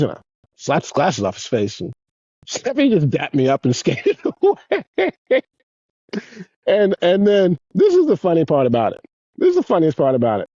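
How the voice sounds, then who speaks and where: A man in his fifties, a guest on an interview show, telling rambling, profane stories in a casual, animated way. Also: medium pitch, no echo, muffled recording. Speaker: guest, former pro skateboarder. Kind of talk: casual storytelling.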